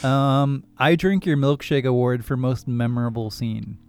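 Smooth-voiced man chatting about a movie. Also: medium pitch, a little slow, soft background music. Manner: animated, laughing, acts out reactions in quotes. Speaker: podcast co-host. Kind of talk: casual movie-discussion chat.

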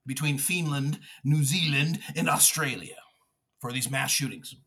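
A man's voice: medium pitch, a little slow, bright, forceful tone, husky. A man hosting a podcast, delivering a furious, profane political rant with mocking asides. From United States. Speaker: podcast host.

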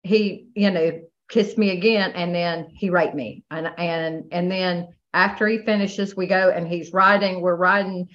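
Woman guest, lower voice, halting and hesitant delivery, dull lo-fi recording. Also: fairly even intonation, a bit bright. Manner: halting, many restarts and "you know". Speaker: guest sharing her testimony. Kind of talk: emotional personal testimony.

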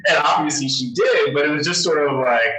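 Speaking briskly in a fairly high, pushed and bright voice, a male newspaper journalist recounts a story during a casual interview. His telling rambles with many restarts and frequent laughter, and the mic is distant and roomy.

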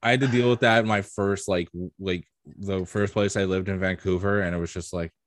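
A man's voice: sits low, steady tone, no echo, clean studio sound. Joking man in casual podcast chat. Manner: joking, quick to do silly voices.

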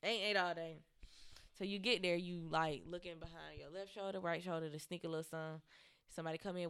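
A woman's voice: on the low side, fairly even intonation, quick pace, fairly bright tone, smooth. A woman co-hosting a casual podcast chat, teasing her co-host and laughing often.

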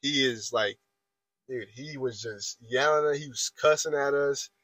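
A man's voice: mid-range voice, measured pace, fairly bright tone, no room sound, poor audio. Dry-voiced young man telling a story. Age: 20s. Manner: rambling, repeats filler phrases and restarts while retelling an argument. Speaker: podcast guest telling a story. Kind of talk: casual storytelling chat.

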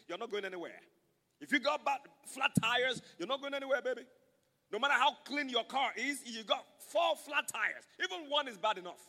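High-voiced bright male preacher. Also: vocal fry, in a large hall. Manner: emphatic, repetitive preaching with congregation call-and-response. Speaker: pastor. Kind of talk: sermon. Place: church sanctuary.

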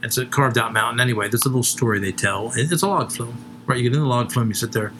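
A man's voice: mid-range voice, quick pace, over music. A man co-hosting a comedy show, rambling through crude stories with lots of swearing and laughing at his own jokes.

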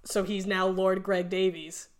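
A woman's voice: medium pitch, flat delivery. A young adult woman co-hosting a casual podcast, talking with enthusiasm and laughing easily. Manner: enthusiastic, gushing, quick to laugh. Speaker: podcast co-host.

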